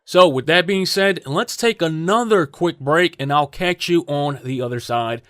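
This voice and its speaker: A higher-pitched man hosting a sports talk show, animated and teasing, often laughing at what he plays. His voice is dry and close, with no room sound around it. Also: moderate pace, no room sound. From United States. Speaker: podcast host. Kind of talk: casual sports talk commentary.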